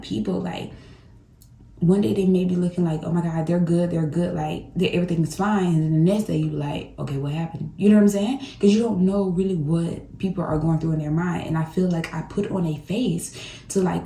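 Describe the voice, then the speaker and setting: A woman's voice: fairly low pitch, gravelly, mellow. A woman vlogger chatting straight to her viewers from her home kitchen. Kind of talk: casual talk to the camera. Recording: echoey room.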